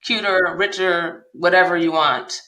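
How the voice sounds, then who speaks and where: A woman telling her personal story as a podcast guest, animated and acting out the dialogue she recalls. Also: on the low side, measured pace, reverberant, rough recording. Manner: animated retelling, acts out quoted dialogue.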